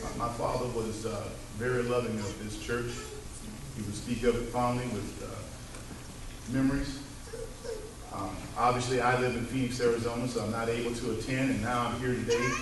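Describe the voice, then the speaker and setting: This son's eulogy for his father is a heartfelt church speech, told through emotional stories, with "Amen" called out to the congregation. He speaks at medium pitch with little pitch movement and a moderate pace. Noise fills the background, and a far-off mic picks up an echoey room.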